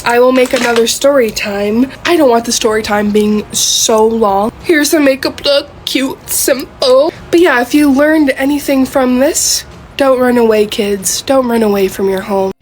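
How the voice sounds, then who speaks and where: A young woman telling a personal storytime while doing her makeup, loud and emphatic as she acts out the quotes. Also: fairly high pitch, a little slow, a little hiss or hum. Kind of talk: get-ready-with-me storytime.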